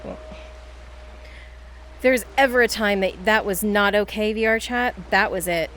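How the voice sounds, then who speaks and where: A woman's voice: medium pitch, measured pace, a bit bright, a little hiss or hum. A woman streamer talking casually to her chat, exasperated and cursing freely. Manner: exasperated, swearing, talks to chat.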